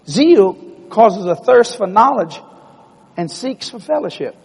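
Male preacher, folksy storyteller, raspy voice in a reverberant hall. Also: sits high, takes it slowly. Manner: folksy, animated, acts out dialogue. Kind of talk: storytelling sermon.

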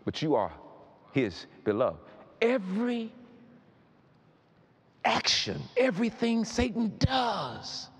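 High, animated male preacher, emphatic, repeats himself, builds to shouting. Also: slow pace, long pauses, husky. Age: adult. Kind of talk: sermon.

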